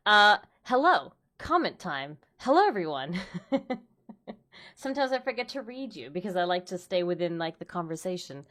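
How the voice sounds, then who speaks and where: Animated young woman streamer chatting. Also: fairly low pitch, normal speed. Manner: animated, laughs often, acts out quoted dialogue. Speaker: streamer host. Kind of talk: casual chat.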